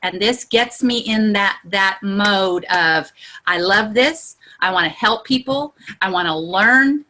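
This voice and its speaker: A woman leading a video-call coaching session, excitable and earnest, her voice climbing high when she gets excited. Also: slow pace. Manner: earnest and encouraging, building to heartfelt pep talk. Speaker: group leader.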